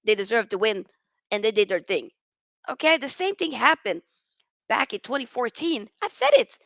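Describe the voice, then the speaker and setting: A woman's voice: a little high, lively intonation, moderate pace, a bit bright, no room sound. A woman hosting a live football reaction stream, ranting with exasperation and reading out viewer chat comments. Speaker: football channel host.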